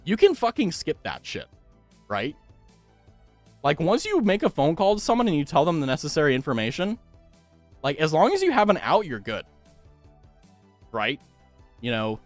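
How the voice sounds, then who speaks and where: A man's voice: fairly high pitch, wildly swooping pitch, moderate pace, pauses often, faint music behind. A male streamer chatting casually with viewers, swearing freely and laughing often.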